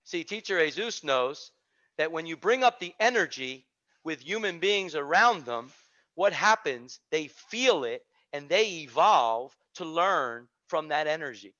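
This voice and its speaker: A man hosting an online teaching community, giving an energetic, preachy talk on a video call and repeating phrases for emphasis. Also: on the high side, unhurried. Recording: dull lo-fi video call audio.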